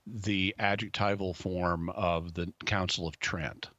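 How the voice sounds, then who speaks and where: A man serves as guest expert on a radio show, explaining ideas carefully and thoughtfully. He pauses often with um and uh. His voice is low-pitched but bright and forceful, and it sounds dry and close to the mic. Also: steady tone, dry recording, dull audio.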